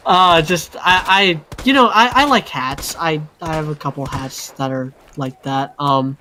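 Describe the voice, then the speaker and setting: A man's voice: fairly high pitch, a little slow, bright, forceful tone, slight background noise. A man chatting on a gaming stream, hesitant and stammering as he speaks. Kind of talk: casual chat.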